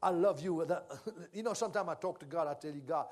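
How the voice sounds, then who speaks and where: Preacher, man, high voice, talks to the congregation in a sermon, then leads loud fervent worship. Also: fast. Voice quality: speaks in tongues during worship. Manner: conversational, quiet teaching building to loud fervent worship leading.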